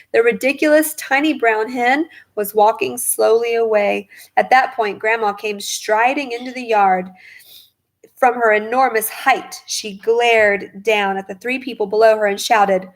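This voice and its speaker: A woman narrating a children's storybook aloud in an expressive, lively way. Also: medium pitch.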